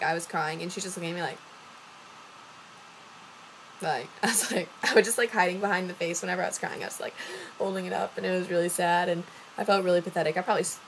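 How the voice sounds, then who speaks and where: A woman's voice: on the low side, a bit bright, slight background noise, poor audio. Chatty young woman telling a story. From Louisiana. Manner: rambling, acts out quoted voices, many fillers. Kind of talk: casual storytelling vlog.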